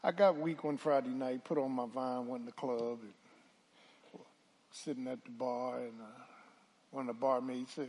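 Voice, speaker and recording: A man pastor a sermon, swinging from hushed talk to loud calls and asking the congregation to answer back. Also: medium pitch, a little slow, pauses often. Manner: preaching with call-and-response, swelling from hushed to loud.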